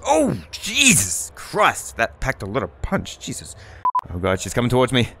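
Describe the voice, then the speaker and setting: A man doing loud, excitable, profane gameplay commentary, taunting enemies as he plays. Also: medium pitch, fairly quick, heavy background noise. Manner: loud, excitable, swearing, trash-talking. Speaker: gaming YouTuber.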